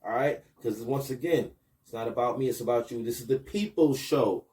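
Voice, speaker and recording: A man's voice: mid-range voice, a little fast, far from the mic. A man in his thirties from Buffalo, New York, hosting a casual podcast as a basketball coach and hyping up his viewers. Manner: hypes up viewers, rising excitement with promos.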